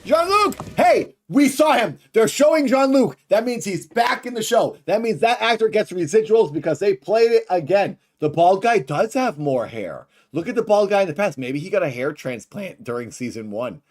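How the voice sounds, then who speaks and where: A man streaming live, reacting to a soap opera with excitable commentary that bursts into shouts. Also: high voice, normal speed, hardly any pauses.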